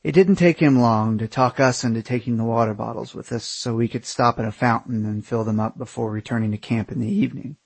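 Husky man narrating a memoir. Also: mid-range voice, fairly quick, hardly any pauses, no echo. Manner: wry, candid, casual swearing. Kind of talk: first-person memoir narration.

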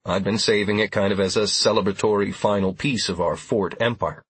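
Man, audiobook narration, first person, steady, low voice, husky. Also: fairly quick.

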